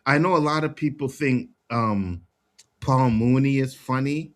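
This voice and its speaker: A man's voice: mid-range voice, unhurried. Easygoing man agreeing in casual chat. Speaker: livestream co-host.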